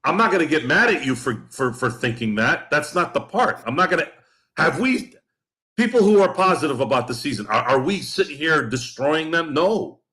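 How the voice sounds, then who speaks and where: A man's voice: fairly high pitch, sing-song, normal speed, bright, forceful tone. A man co-hosting a sports podcast, ranting bluntly and with profanity, repeating himself as he gets worked up. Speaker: podcast co-host. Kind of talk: heated casual podcast rant.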